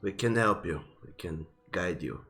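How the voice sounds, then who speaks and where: A man voicing a cautious lizardfolk elder who speaks slowly and quietly. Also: faint music behind. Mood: grave warning. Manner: slow, low and hushed. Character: soft-spoken lizardfolk elder, grave and cautious.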